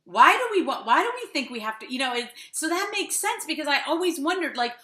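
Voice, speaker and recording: A woman's voice: sits high, quick pace, echoey room. A woman hosting a podcast, chatting casually and animatedly, acting out her own thoughts and laughing often. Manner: animated, laughing, talks herself through quoted thoughts. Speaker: podcast host. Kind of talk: casual conversation.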